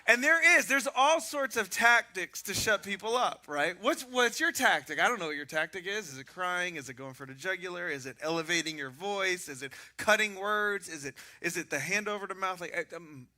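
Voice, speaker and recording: A man preaching a sermon as pastor, telling animated stories with self-mocking humor. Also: high-pitched, normal speed, few pauses.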